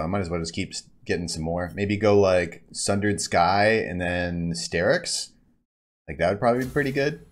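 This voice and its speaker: Low-voiced animated gaming streamer guy. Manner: excitable, swearing, yelling at big plays. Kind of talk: gameplay commentary.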